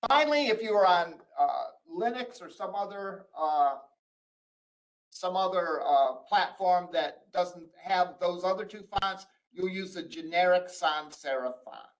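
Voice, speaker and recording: High-voiced man lecturing on code. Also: a little slow, poor audio. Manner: explains step by step, frequent "uh" and restarts. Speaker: college instructor. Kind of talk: recorded screen-share lecture.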